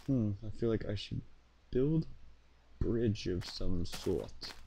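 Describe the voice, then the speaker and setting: A man's voice: fairly low pitch, expressive, takes it slowly, vocal fry, mellow, a little hiss or hum, low-quality recording. A young man casually commenting on his own gameplay, rambling and answering himself. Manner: rambling, chatty, talks back to himself. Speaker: gaming YouTuber.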